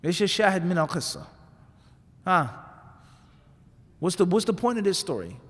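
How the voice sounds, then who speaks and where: A man gives a sermon in a conversational storytelling manner, often asking the listeners rhetorical questions. His voice sits high. The recording has a long reverb from a mosque hall. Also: sing-song, moderate pace. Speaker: imam giving a talk.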